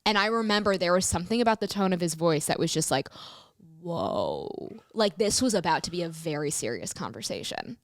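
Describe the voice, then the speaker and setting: Animated woman telling a story. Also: fairly low pitch, fast talker, few pauses, dry recording, clean studio sound. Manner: animated, acts out phone calls in quoted voices. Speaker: guest, comedian. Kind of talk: casual storytelling interview.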